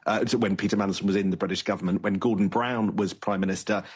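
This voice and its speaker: A man reporting the news in a measured way, with a husky voice. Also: low voice, fairly even intonation.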